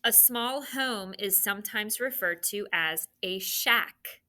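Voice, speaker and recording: Woman teacher doing spelling dictation, bright crisp voice, takes it real slow. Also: mid-range voice. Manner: slow, clearly enunciated dictation.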